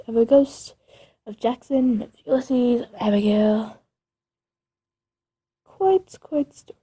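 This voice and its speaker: A woman's voice: fairly high pitch, warm tone, breathy edge. A woman improvising a spooky story in a rambling, dramatic way with creepy asides.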